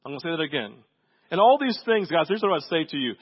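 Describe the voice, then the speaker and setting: A pastor preaches conversationally, frequently checking in with listeners through "right?" asides. His fairly high voice is very animated, quick, and breathy-edged, and the recording sounds muffled.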